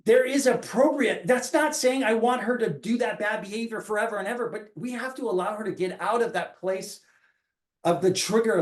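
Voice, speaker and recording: A man in his forties, a coach talking earnestly in a reflective podcast, often restarting his phrases as he thinks aloud. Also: high-pitched. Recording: roomy echo.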